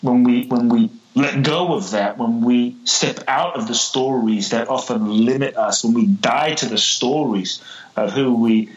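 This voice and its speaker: A man telling a parable in a podcast interview, animated and repeating words as he acts out the characters. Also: medium pitch, a little slow, lo-fi sound. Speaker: guest, spiritual teacher.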